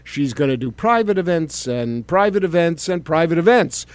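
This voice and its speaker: A man's voice: a little high, animated, moderate pace, no echo. A middle-aged man hosting a political commentary show, sardonic and conversational, with fillers. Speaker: talk show host, former congressman.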